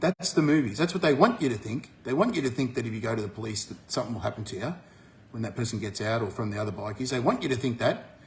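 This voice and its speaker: An Australian man talking bluntly to his viewers, swearing often and jumping up in pitch when he gets fired up. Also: lively intonation, quick pace, slight background noise. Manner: forceful, swears freely, rises sharply when fired up. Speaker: vlogger. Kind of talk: blunt monologue to camera.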